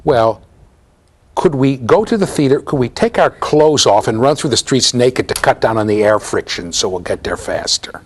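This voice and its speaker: A man's voice: mid-range voice, animated, normal speed, husky. A man quoting a sniffy upper-class Brit. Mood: disdainful. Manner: disdainful. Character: sniffy upper-class British male host.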